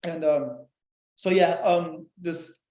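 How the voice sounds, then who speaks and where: A young man casually telling a story as a podcast guest, animated and profane, often acting out bits of dialogue. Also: on the high side, takes it slowly. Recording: echoey room.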